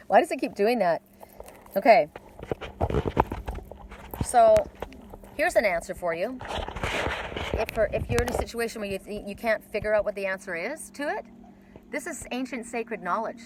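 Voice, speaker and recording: A woman's voice: medium pitch, background noise. A woman giving a casual spiritual oracle card reading, rambling with many restarts and casual swearing.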